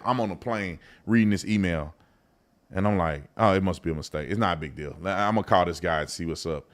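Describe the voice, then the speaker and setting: A man, the host of a live show, telling a story in a casual, animated way and acting out the other people in it. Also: fairly low pitch. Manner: animated storyteller, acts out both sides of a phone call. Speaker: show host and business owner.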